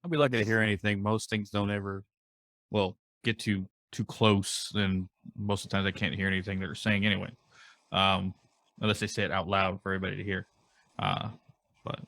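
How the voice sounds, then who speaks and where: A man with a slightly low voice hosts a podcast roundtable, putting casual, halting questions to his guests. The sound is dry and close. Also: level tone, fairly bright tone, no room sound.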